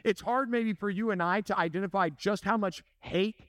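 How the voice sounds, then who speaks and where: A man's voice: sits high, moderate pace, fairly bright tone, no echo, clean studio sound. A man preaching a sermon in a conversational way, asking the congregation questions and joking. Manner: conversational, asks the audience questions, jokes. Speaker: pastor.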